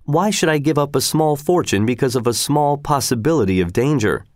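Male narrator, audiobook reading, measured and steady, mid pitch, dry recording. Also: no echo.

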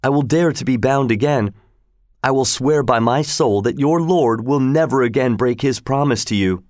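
A man's voice: medium pitch, moderate pace, darkish tone, no room sound, studio quality, voice pushed up, close to an everyday voice. A man voicing a loyal older merchant. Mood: solemn. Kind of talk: storybook read-aloud.

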